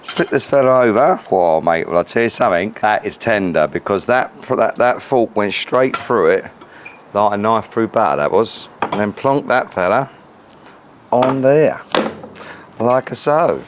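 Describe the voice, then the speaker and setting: A man's voice: on the low side, lively intonation, a little slow, noisy background. A man chatting cheerfully as he cooks outdoors, joking and swearing a lot. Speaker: cooking vlogger. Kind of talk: casual cooking chat to camera. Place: outdoors at a grill.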